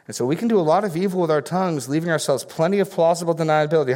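A man's voice: fairly high pitch, big pitch swings, fairly quick, hardly any pauses, a little mellow, long reverb tail. A man preaching a sermon as a pastor, reading scripture passages aloud and explaining them with pointed questions.

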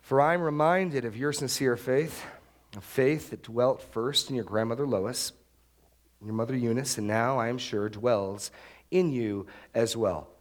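A middle-aged male pastor preaching an expository sermon, emphatic and repetitive, with sharp upward jumps when he stresses a point. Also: medium pitch, measured pace. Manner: emphatic, repeats key phrases, rises sharply for stress.

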